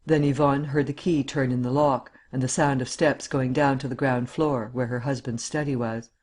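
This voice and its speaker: Male narrator, measured audiobook storytelling, mid-pitched voice. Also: steady tone, darkish tone. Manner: measured storytelling, acting out the dialogue.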